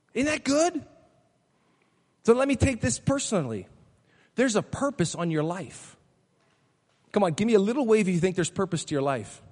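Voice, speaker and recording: A man's voice: very high-pitched, husky, long reverb tail. A male pastor preaching a sermon to his church, emphatic and declarative, pressing his points home. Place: church sanctuary.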